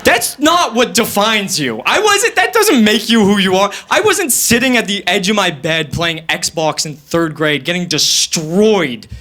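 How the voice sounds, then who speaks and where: Lively high-voiced young man doing stand-up. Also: measured pace, few pauses, a little hiss or hum. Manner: rambling, loose, profane. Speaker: stand-up comedian. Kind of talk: stand-up comedy. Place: comedy stage before a live audience.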